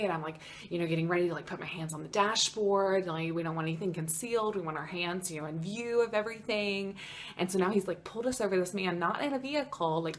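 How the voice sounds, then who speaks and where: A young American woman telling a story in a casual vlog, chatty and animated, with lots of "like" in her speech. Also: medium pitch, slight background noise. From United States. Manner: chatty, animated, heavy use of "like". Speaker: vlogger.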